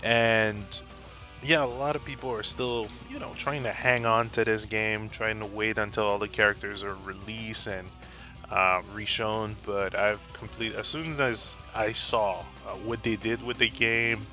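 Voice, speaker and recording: A man's voice: fairly low pitch, steady tone, measured pace, bright, forceful tone, soft background music. A man in casual commentary about his fan character redesigns, candid and profane, laughing now and then.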